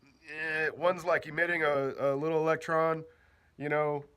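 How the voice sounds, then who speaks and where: This off-grid vlogger's voice is on the high side, fairly bright and clean, but his delivery is flat and a little slow. Even so, he keeps the explainer goofy and slangy, laughing and doing bits in silly voices.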